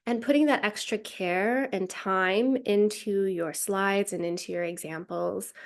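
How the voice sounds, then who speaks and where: A woman's voice: medium pitch, measured pace. Chatty woman presenting a webinar. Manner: chatty, many fillers. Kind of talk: casual webinar talk.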